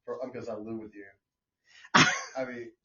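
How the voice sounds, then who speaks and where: A man in a casual chat, talking haltingly and often trailing into filler phrases. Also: mid-range voice, flat delivery, pushed and bright, muffled recording. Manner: halting, leans on "you know".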